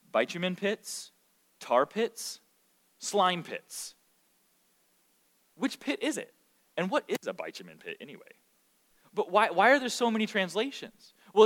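A man preaching a sermon, emphatic and swinging between hushed and loud passages. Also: a little high. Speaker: pastor.

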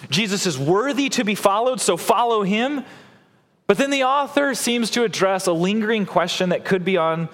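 A male pastor preaching a sermon in an earnest way, restarting phrases and jumping in pitch for emphasis. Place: church sanctuary. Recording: long church-hall reverb.

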